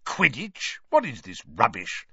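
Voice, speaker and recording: A man's voice: a little high, very animated, unhurried, creaky, bright, forceful tone, dry recording, voice pushed up, exaggerated voice. A man voicing a growling, bad-tempered uncle. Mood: disdainful. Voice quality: growling, hissing. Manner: blustering and outraged. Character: stout bullying middle-aged uncle, bad-tempered. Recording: dry, slightly dull recording.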